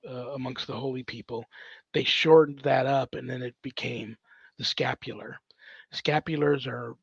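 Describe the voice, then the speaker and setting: A man's voice: mid-range voice, gravelly, husky, no echo, dull audio. A man, a priest hosting his own show, answers viewer questions at home in a casual, rambling way full of fillers. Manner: rambling, filler-heavy, thinking aloud. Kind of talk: casual livestream Q&A.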